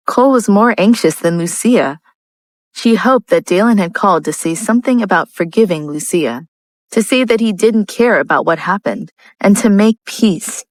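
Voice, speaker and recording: A woman narrating a romance audiobook in a steady, even reading style. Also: on the low side, normal speed, no room sound, poor audio. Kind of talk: scripted narration.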